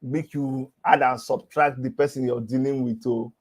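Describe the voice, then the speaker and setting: A Nigerian-accented man in his fifties gives a mocking monologue in lively, Pidgin-laced talk, laughing between lines. His voice sits mid-range and his pace is moderate.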